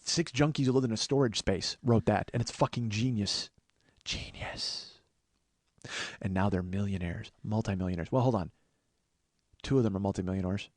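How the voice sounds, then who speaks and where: A man hosting a podcast, riffing in casual comedic banter, profane and building to loud enthusiasm. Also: fairly low pitch, a little fast, dry recording. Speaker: podcast host.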